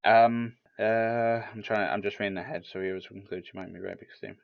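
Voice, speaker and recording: A man with a lowish voice hosts a solo podcast, rambling along with frequent restarts and bits of acted-out dialogue. The recording sounds dull and lo-fi. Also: steady tone, a little fast, vocal fry. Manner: rambling, many restarts, acts out quotes. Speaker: podcast host. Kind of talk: casual solo commentary.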